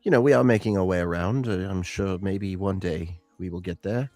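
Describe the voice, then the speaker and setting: A man's voice: deep voice, moderate pace, a little mellow, no room sound, faint music behind. A man playing a vain, charming bard. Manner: charming, stammers on restarts. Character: vain, smooth-talking half-elf bard man. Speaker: player.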